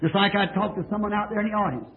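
A man preaches in a church tabernacle, posing questions to the people and hammering his points emphatically. His high voice holds a steady tone, races along, and carries vocal fry, all heard through a tinny lo-fi old tape.

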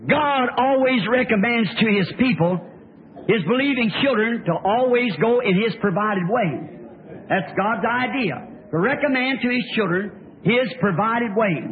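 A man preaching a folksy sermon, dropping to soft asides and rising to shouted cries. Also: extremely high pitch, moderate pace. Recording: tinny old lo-fi tape with faint hiss.

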